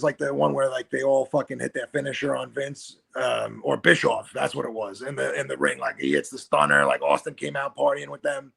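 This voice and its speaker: Gravelly, bright-toned storytelling man. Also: mid-range voice. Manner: animated, acts out quoted voices. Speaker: guest wrestler. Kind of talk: casual storytelling.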